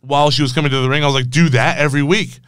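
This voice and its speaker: A man with a smooth, clear mid-range voice recaps wrestling matches in relaxed, matter-of-fact podcast talk. The sound is dry and close. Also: mid-range voice, rapid-fire, no room sound. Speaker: podcast co-host. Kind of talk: casual wrestling chat.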